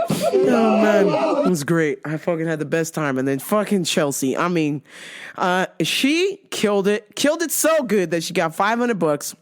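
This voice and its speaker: Woman host, casual profane recap chat, very animated pitch. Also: moderate pace. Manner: animated, swears constantly, laughs often. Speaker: show host.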